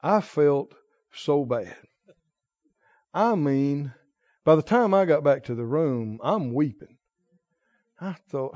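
High-voiced preaching man, dull dry sound. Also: animated, slow, pauses often, no room sound. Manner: emotional storytelling, rising to forceful exhortation. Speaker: pastor. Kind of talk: sermon.

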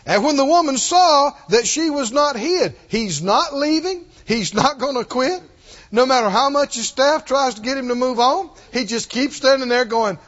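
A man preaching a sermon, telling the story with animated delivery, acting out quoted lines and chuckling often. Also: very high-pitched, fairly quick, highs cut off.

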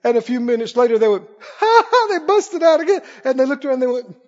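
A man preaching a sermon to a congregation, animated, laughing often and asking them questions. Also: very high voice, fast talker, dull audio.

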